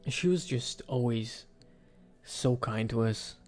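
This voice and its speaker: A man giving casual, rambling commentary for a video, with sudden excited outbursts. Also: mid-range voice, takes it slowly, faint music behind. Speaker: video creator. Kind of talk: casual commentary ranking game characters.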